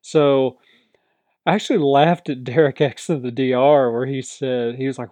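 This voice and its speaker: A man giving a casual, animated recap commentary, telling the story with frequent chuckles. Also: mid-range voice, normal speed, dry recording. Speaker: reality TV recap host.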